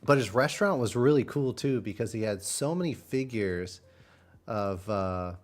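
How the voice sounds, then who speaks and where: A man's voice: on the low side, lively intonation, moderate pace, soft background music. Man rambling through a travel story. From Texas. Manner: rambling storytelling with many fillers. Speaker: streamer. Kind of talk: casual chat.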